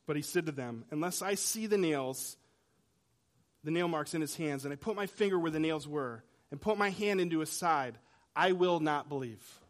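A man preaching a sermon in a conversational way, swinging between loud emphasis and quiet, hushed lines. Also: a little high, normal speed. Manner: dramatic shifts between loud and soft. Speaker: pastor.

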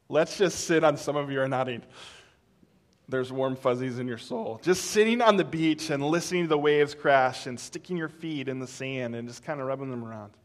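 A man in his thirties or forties preaching a casual, conversational sermon in a church, animated and laughing now and then. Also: fairly high pitch. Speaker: pastor. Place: church sanctuary.

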